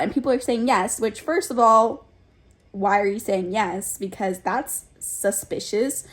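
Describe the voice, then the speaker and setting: A young woman in her twenties, talking fast and excitedly in a casual reading vlog. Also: mid-range voice. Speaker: book vlogger.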